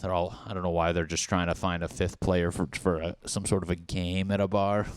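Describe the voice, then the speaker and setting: A man's voice: sits low, level tone, fairly quick, clean tone, no room sound. A young man hosting his own podcast, rambling and riffing with plenty of swearing and acted-out bits of dialogue. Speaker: podcast host. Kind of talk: solo podcast rant.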